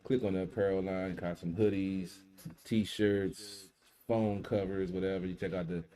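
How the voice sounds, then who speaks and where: Deep-voiced laid-back male co-host. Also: steady tone, moderate pace, mellow. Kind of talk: casual podcast chat.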